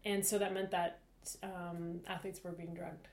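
A woman co-host talks through a subject in quick, chatty bursts, full of fillers and restarts. Her voice sits a little low for a woman. The room around her has a noticeable echo. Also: little pitch movement. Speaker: podcast co-host. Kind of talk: casual discussion. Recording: roomy echo.

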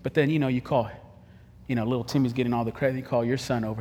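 A man preaching a casual, humorous sermon, telling stories and acting out quick quoted voices. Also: mid-range voice, steady tone, darkish tone, long reverb tail, slight background noise. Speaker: pastor.

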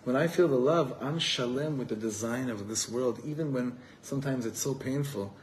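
A man's voice: medium pitch, moderate pace, slight background noise, rough recording. A man from Los Angeles, a rabbi giving an earnest, heartfelt talk to a live evening gathering. He often repeats words while searching for them and weaves Hebrew terms into his speech. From Los Angeles, USA.

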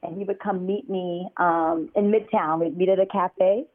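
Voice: medium pitch, steady tone, moderate pace. An interview guest telling their story in casual, loose speech full of "like" and "you know". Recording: tinny phone-line audio.

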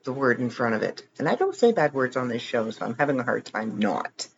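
A man's voice: medium pitch, big pitch swings, fairly quick, vocal fry, highs cut off, a little hiss or hum. A man hosting a podcast late at night, tired and rambling, chatting casually with self-deprecating jokes and frequent chuckles. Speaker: podcast host. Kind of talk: casual chat.

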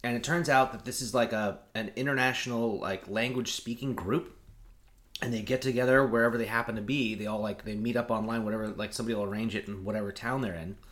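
A man's voice: mid-range voice, steady tone, fast talker, a bit bright. A man co-hosting a podcast, telling a long story in casual chat with many fillers. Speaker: podcast co-host.

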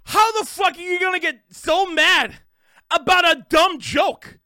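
High, bright-voiced man ranting loudly. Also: measured pace, no room sound, clean studio sound. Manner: loud, profane, fired-up ranting. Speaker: streamer and podcast host. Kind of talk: unscripted rant on a live stream.

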